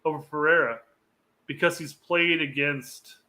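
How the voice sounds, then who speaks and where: A man co-hosting a soccer podcast in casual banter, teasing his co-host, quick with jokes and often laughing. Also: fairly high pitch, fairly even intonation, bright, forceful tone.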